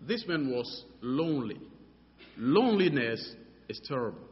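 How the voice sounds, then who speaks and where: A man preaching a sermon, animated and halting, often repeating words and filling pauses, acting out little dialogues as he goes. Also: fairly high pitch. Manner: acts out dialogues in his story. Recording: dull sound, long hall reverb.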